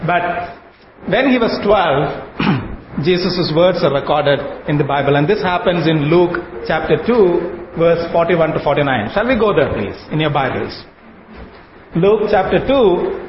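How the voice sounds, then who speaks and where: Man, preacher, sermon, chatty with restarts, long hall reverb, faint background noise. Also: high-pitched. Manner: conversational with many restarts and tag questions. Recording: echoey hall, dull lo-fi sound.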